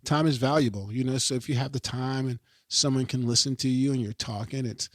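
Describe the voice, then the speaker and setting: A middle-aged man talking casually as a podcast guest, emphatic and animated, swearing freely and often checking in with his listener. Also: medium pitch, a little fast, no room sound, studio quality. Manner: animated, emphatic, swears freely, keeps asking "you know what I mean". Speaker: podcast guest, pro skateboarder. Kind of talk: casual interview chat.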